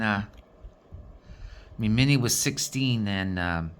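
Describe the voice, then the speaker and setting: A woman's voice: a bass voice, a bit bright. Woman, Newfoundland accent, rambling craft vlog chat, folksy, says "boy" a lot, faint background hiss. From Newfoundland, Canada. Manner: chatty and folksy, tags sentences with "boy". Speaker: diamond painting vlogger. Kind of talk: casual rambling chat while sorting craft supplies.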